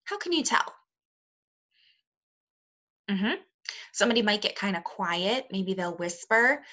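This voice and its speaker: Bright-voiced woman teaching phonics. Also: medium pitch, expressive. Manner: slow, clear, encouraging teacher talk to young children. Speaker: second grade teacher. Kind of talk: recorded remote phonics lesson.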